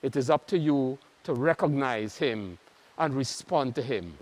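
Slow Trinidadian priest preaching. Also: male voice, medium pitch, animated. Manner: earnest, measured, pausing often. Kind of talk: sermon. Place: large church. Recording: long church reverb.

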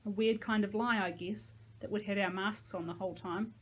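A woman's voice: mid-range voice, steady tone, normal speed, breathy edge, low-quality recording. A woman, a teacher, reading a novel aloud to her class with casual asides to her listeners.

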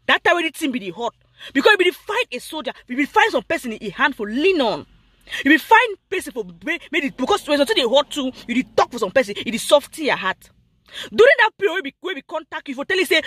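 A speaker with a Cameroonian Pidgin English accent hosts a vlog, ranting in heated commentary, talking straight at someone and repeating points with lively emphasis. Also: high voice, quick pace, no echo, clean studio sound. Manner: animated, repetitive, addresses someone directly. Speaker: blogger and vlog host.

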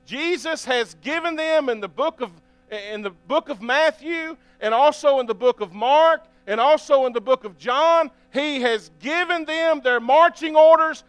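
A man's voice: extremely high pitch, a bit bright, no room sound. A man preaching a sermon as pastor, reading scripture aloud and often asking the congregation for an amen. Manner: reads scripture aloud between remarks.

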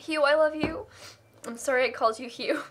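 A young woman streaming live for charity reads out donation messages in a fairly high, bright, forceful voice. She is tired after hours on air and emotional, gushing her thanks while laughing close to tears. Her delivery is warm-hearted and a little frazzled. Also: steady tone, brisk. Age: young adult.

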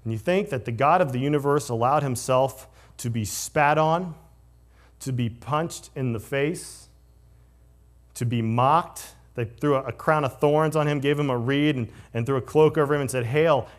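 A male pastor preaching a conversational sermon, moving between lively storytelling and hushed, solemn passages. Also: medium pitch, moderate pace.

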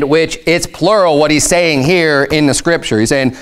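High-pitched guy preaching, animated and emphatic, acts out the quotes. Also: a little slow, hardly any pauses, smooth. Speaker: pastor. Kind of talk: sermon.

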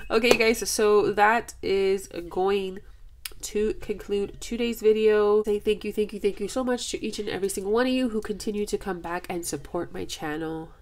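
A woman from Los Angeles vlogging casually as she opens mail, gushing and excitable, laughing often. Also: mid-range voice. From Los Angeles, USA. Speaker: budgeting vlogger. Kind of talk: casual vlog, opening mail.

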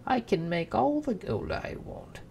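A boastful little imp taunts in a loud voice that leaps high and drops low, put on by a reader. The tone is gravelly and the delivery slow and drawn out. It sounds like a homemade storybook reading. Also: huge pitch swings, slight background noise, exaggerated voice. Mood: taunting. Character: mischievous little imp man, boastful and mocking. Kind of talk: amateur storybook read-aloud.

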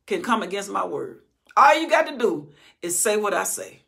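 A woman's voice: mid-range voice, expressive, normal speed, vocal fry, fairly bright tone. A middle-aged woman teaching a Bible study, reading scripture aloud and then expounding on it with rising, emphatic force.

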